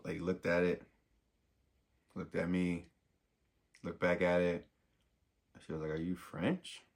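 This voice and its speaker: A young American man tells a rambling personal story in a very low voice with a gravelly edge. He talks in slang and jumps between his own words and the voices of the people in the story. His delivery is lively and casual. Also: a little slow. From United States. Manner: animated, slangy, acts out dialogue. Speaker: vlogger.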